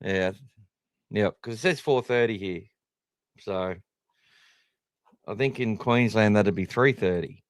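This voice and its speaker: Australian male podcast host, casual and rambling, smooth clear voice, dry close recording. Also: fairly low pitch, slow, pauses often, no room sound. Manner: chatty, rambling, self-deprecating. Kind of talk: casual live-stream chat.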